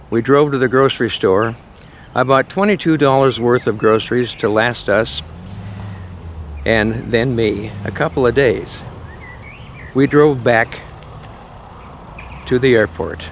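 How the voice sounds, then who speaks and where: A man's voice: medium pitch, a little slow, long pauses, slight background noise. An older man telling the story of his trip in a chatty, self-deprecating travel vlog. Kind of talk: casual travel vlog narration. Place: partly outdoors in a city.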